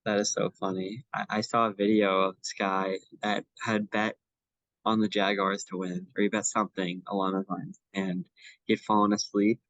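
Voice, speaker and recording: A man's voice: on the low side, flat delivery, moderate pace, fairly bright tone, dry recording, lo-fi sound. A young man co-hosting a casual sports podcast, talking in a chatty way with many fillers and restarts. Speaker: podcast co-host.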